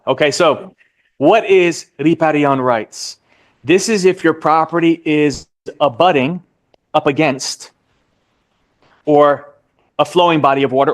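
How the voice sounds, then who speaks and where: A man teaching a live real estate licensing class, stretching out key terms and quizzing the class. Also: fairly high pitch. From United States. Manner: drawn-out emphasis on key terms, asks the class questions.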